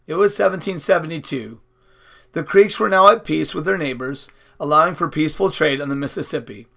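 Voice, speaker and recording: Bright-voiced man reading a novel. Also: on the high side. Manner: unpolished, with slips and restarts. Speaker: audiobook reader.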